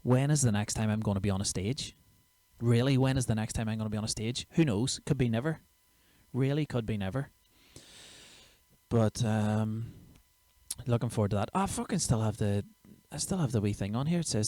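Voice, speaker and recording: A man's voice: mid-range voice, moderate pace, mellow, no room sound. A man, a comedian chatting casually and sweary on his own livestream show. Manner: chatty, sweary, self-mocking. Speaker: comedian and podcast host.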